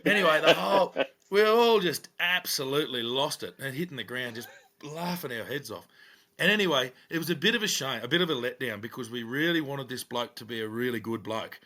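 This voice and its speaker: A middle-aged man, a podcast co-host and police officer, telling funny anecdotes in a lively way with bursts of laughter. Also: medium pitch, a little fast. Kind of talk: casual storytelling chat.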